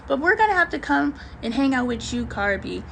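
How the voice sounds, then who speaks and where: A woman's voice: sits high, very animated, brisk, creaky, a little hiss or hum, poor audio. A woman hosting a casual livestream chat, talking in a slangy, emphatic way with preachy asides and greeting viewers. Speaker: livestream host.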